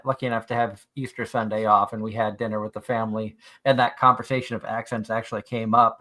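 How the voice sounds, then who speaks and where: Brief: bright-toned Boston man, casual chat co-host, talkative storyteller. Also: mid-range voice. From Massachusetts, near Boston. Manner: chatty, rambling anecdotes with restarts. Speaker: podcast co-host.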